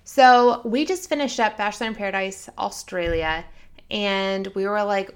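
Woman cohosting a podcast, chatty and animated, mid-pitch. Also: moderate pace, clear, resonant tone. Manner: chatty, animated retelling with quoted voices. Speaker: podcast co-host. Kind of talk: casual chat.

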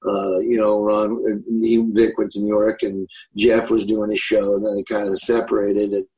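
A man's voice: on the low side, little pitch movement, normal speed, warm tone, low-quality recording. Guest comedian, male, 60s, Southern US accent; easygoing, rambling delivery. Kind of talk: casual interview chat.

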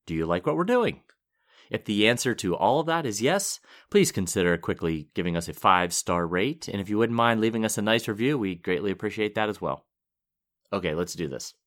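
A man's voice: lowish voice, animated, brisk, a bit bright. A man from the United States co-hosting a podcast, easygoing, answering briefly and laughing readily. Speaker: podcast co-host. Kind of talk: casual chat.

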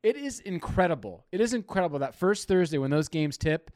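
High-voiced man in a dry room. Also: lively intonation, brisk, a little mellow, no echo. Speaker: podcast host. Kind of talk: casual chat.

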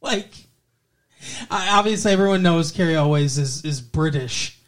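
A man's voice: on the high side, a little slow. A man from the American South co-hosting a casual movie chat, opinionated and casually profane. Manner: chatty, opinionated, swears casually. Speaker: podcast co-host.

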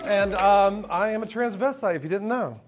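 A man's voice: high-pitched, moderate pace, music in the background, a crowd in the background. A man telling a candid, profane personal story at a live storytelling event, often laughing along with the audience. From United States. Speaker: storyteller on stage. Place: live stage before an audience.

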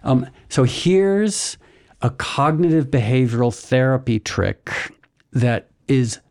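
A man hosting a podcast, calmly explaining things step by step in casual chat. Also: medium pitch. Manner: calm, explanatory, walks through steps slowly. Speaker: podcast host.

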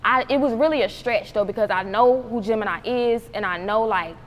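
A young woman rapper from North Carolina, telling stories in an animated way, acting out quotes and laughing often. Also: on the high side, fairly quick. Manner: animated storytelling, acts out quotes, laughs a lot. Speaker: rapper, interview guest. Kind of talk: casual interview chat. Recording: roomy hall with faint noise.

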